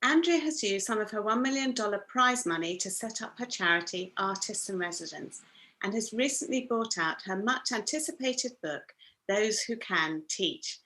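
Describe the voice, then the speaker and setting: A woman hosting an online interview, speaking in an earnest, measured way over a video call. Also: mid-range voice, sharp tone. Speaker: host and interviewer. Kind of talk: scripted introduction, then interview.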